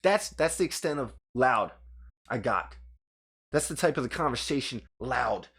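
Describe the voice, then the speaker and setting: A man's voice: mid-range voice, normal speed, creaky, slightly rough. Heated, swearing podcast co-host man. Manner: heated, profane, animated storytelling; gestures with his hands while talking. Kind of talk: casual podcast chat, storytelling rant. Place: podcast studio. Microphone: studio microphone.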